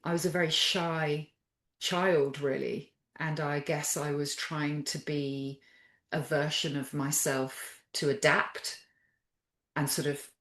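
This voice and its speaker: A woman guest speaking in a soft, thoughtful, conversational way, circling her phrases with fillers as she reflects. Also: low-pitched, fairly even intonation, slow pace, reverberant. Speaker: podcast guest.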